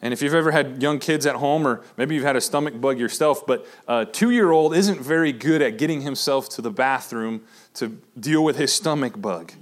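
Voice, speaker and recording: A man in his thirties, a pastor preaching a sermon in a relaxed, conversational way with many fillers and restarts. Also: medium pitch, normal speed. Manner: acts out quoted lines with shifting inflection.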